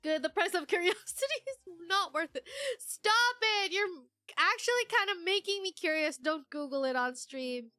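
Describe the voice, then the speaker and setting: Giggly, rambling woman streamer with a bright voice, quiet music underneath. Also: very high-pitched, lively intonation, moderate pace, no echo, clean studio sound. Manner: giggly, rambling with many fillers. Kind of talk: casual livestream chat, reading chat aloud.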